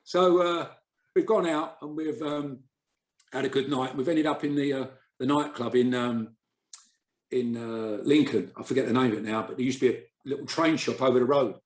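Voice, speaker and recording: A man's voice: medium pitch, moderate pace. Roomy, chatty male storyteller. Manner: chatty anecdotal storyteller, acts out quoted voices. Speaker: podcast guest, former footballer. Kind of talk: casual storytelling chat. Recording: roomy echo.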